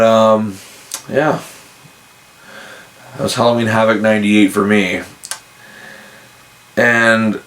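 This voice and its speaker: Male podcast host, low voice, relaxed storytelling that gets animated when he quotes people. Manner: animated, acts out both sides of phone calls. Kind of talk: casual storytelling.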